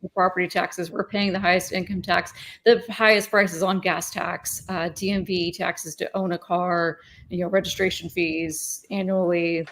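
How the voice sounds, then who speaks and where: A woman's voice: fairly low pitch, level tone, moderate pace, a bit bright. A woman co-hosting a casual political podcast, chiming in with wry agreement. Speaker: podcast co-host.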